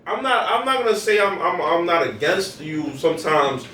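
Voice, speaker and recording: A man's voice: high-pitched, big pitch swings, normal speed, sharp tone, distant mic. Young man chatting slangily in a roomy space. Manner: loose street slang, many restarts. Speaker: podcast co-host. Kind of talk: casual chat. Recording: roomy, off-mic, faint noise.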